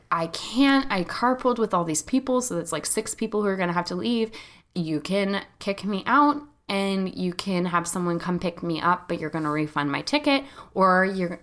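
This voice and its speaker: A woman in her thirties, a podcast host, telling a long story in a chatty, animated way, full of "like" fillers. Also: lowish voice, normal speed. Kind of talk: casual storytelling chat.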